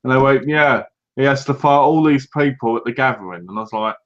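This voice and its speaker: A British man co-hosting a casual podcast, telling lively anecdotes and acting out what other people said. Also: mid-range voice, brisk. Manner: animated anecdotes, acts out other people's lines. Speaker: podcast co-host. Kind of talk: casual chat, storytelling. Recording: dull lo-fi recording.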